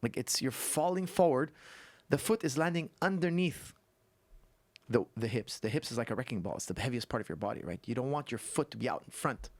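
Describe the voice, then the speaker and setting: A man who is a guest coach on a podcast, telling stories and explaining technique in an animated way that repeats points for emphasis. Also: medium pitch, a little fast, no echo. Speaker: guest martial arts coach. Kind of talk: casual podcast conversation.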